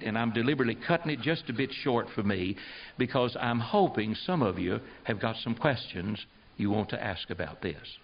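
A man preaching a sermon at a church service, lively and emphatic, acting out quoted voices. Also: medium pitch. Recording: dull lo-fi tape recording.

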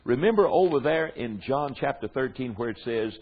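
An older man with a Southern drawl preaches to a room of men, stretching his words slowly for emphasis and dropping homespun asides. His voice is husky and grainy. The sound is thin and narrow, like it came over a phone line. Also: medium pitch, sing-song. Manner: drawn-out emphatic delivery with folksy asides. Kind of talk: sermon teaching to men. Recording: tinny phone-like recording.

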